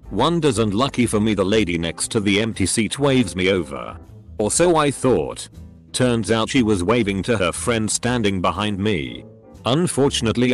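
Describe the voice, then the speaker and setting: A man steadily reading out posts as a scripted narration. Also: lowish voice.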